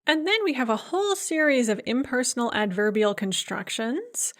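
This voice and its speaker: A woman lecturer teaching a language lesson, explaining grammar step by step and slowing down to enunciate each example phrase. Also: on the high side, lively intonation. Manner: explanatory, repeats key points. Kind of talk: recorded lecture.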